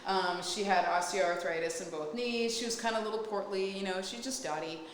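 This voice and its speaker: A woman fitness instructor telling a client story to a student, expressive and quick to act out voices. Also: mid-range voice. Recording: echoey, reverberant room.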